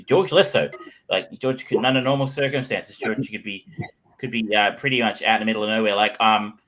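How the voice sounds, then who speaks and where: A man's voice: fairly low pitch, steady tone, fairly quick, a bit bright, poor audio. A middle-aged Australian man co-hosting a podcast in casual chat, rambling with lots of fillers and restarts. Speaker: podcast co-host.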